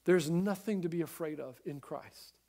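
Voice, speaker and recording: High-voiced man preaching emphatically. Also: moderate pace. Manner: earnest, emphatic preaching with swings in loudness; addresses listeners at home directly. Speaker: pastor. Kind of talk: sermon.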